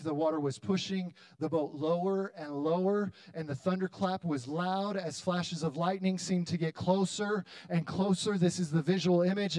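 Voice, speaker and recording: A man in his thirties preaching a sermon to his church, building to loud, dramatic appeals with long pauses. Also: high-pitched, no echo. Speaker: pastor. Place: church hall.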